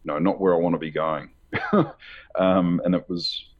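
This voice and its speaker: A man being interviewed about his book, telling a personal story in a halting, rambling way with many fillers and nervous laughs. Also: low voice, steady tone, muffled recording. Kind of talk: candid conversational storytelling.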